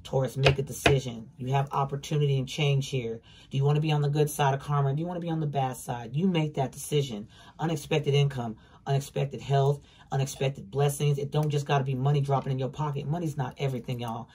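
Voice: mid-range voice, fairly even intonation, quick pace, hardly any pauses, dark tone, husky. A tarot reader giving a casual, emphatic reading, repeating words for stress and swearing bluntly. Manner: emphatic, repetitive, blunt and profane.

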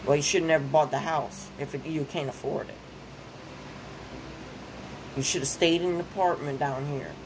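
A woman's voice: low voice, fairly even intonation, moderate pace, pauses often, noisy background. Worked-up young woman ranting. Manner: ranting, repeats phrases, gets worked up. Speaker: vlogger. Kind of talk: casual venting monologue.

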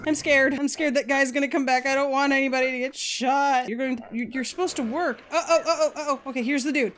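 A woman hosting a video game let's play, excitable and quick to yell and swear at the game. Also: sits high, background noise. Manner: excitable, yelps and shouts at the game; swears freely.

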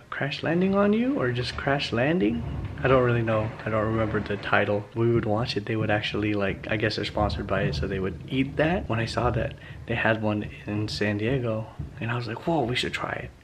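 A man's voice: medium pitch, noisy background. A man chatting casually to camera in a family vlog, laid-back and a little out of breath. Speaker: vlogger.

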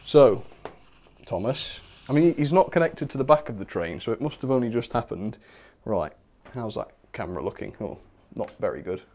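Expressive and speaking at normal speed, a young man with a slightly mellow mid-range voice hosts a model railway livestream. He chats easily with viewers, laughs a lot, is self-mocking and reads out what the chat says.

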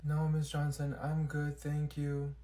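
A man voicing a dramatic teenage schoolgirl in a comedy skit, talking in a mopey, quiet way. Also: mid-range voice, monotone, normal speed, natural voice.

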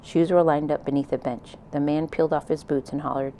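Low-voiced woman reading a storybook. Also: steady tone, brisk, mellow, a little hiss or hum, poor audio. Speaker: audiobook reader. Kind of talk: reading a children's novel aloud.

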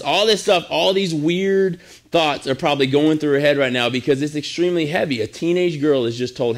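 Guy youth pastor preaching casual, lots of restarts, voice on the higher side. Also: brisk. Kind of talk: sermon.

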